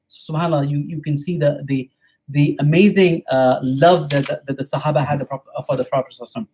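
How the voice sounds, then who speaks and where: Fast-talking husky male lecturer. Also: a little high, fairly even intonation, a little mellow. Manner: quick retelling, often checking in with "right?". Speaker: mosque lecturer. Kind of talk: storytelling history lecture.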